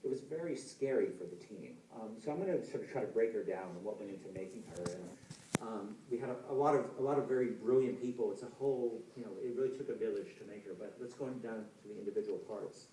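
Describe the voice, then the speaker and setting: A man speaking at a conference in a relaxed, conversational way, with lots of fillers and restarts. His voice is warm and mellow, and it carries through a reverberant hall. He sounds a fair way from the mic, with faint background noise. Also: fairly low pitch, fast talker. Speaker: game designer giving a conference talk. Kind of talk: conference talk. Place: large lecture hall. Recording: echoey hall, heard from a distance.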